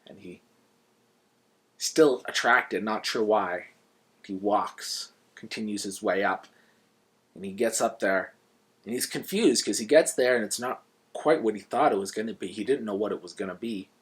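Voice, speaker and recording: Husky low-voiced man reviewing a book. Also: moderate pace. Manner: conversational, animated retelling, with restarts. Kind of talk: casual book review retelling.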